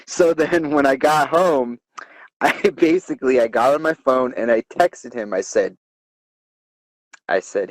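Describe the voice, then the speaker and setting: A man's voice: mid-range voice, a little slow, pauses often, no room sound, rough recording. A man hosting a comedy podcast, telling a crude story in a rambling, profane way and laughing as he goes. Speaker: podcast host.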